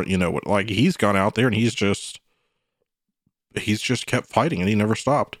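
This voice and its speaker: A man co-hosting a sports podcast, talking in a rambling, animated way full of "you know" and "like". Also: on the low side, fairly quick, no room sound, studio quality. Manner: animated, slips into mock quotes. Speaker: podcast co-host. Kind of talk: casual sports chat.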